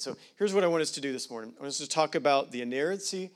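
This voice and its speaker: A man's voice: fairly high pitch, expressive, rapid-fire. A man preaching a sermon as pastor, talking casually with digressions and leaning hard on statistics. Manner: conversational, digressing, emphatic on numbers.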